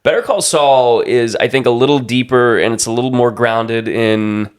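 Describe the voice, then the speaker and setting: Animated, rambling man chatting casually. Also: medium pitch, moderate pace, clean tone. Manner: animated, rambling, swears often. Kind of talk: casual podcast chat.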